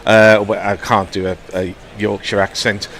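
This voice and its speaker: A middle-aged man with a Scouse accent, co-commenting on cricket in a wry, measured way. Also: lowish voice, level tone, fairly bright tone, slight background noise. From Liverpool. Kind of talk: relaxed commentary chat.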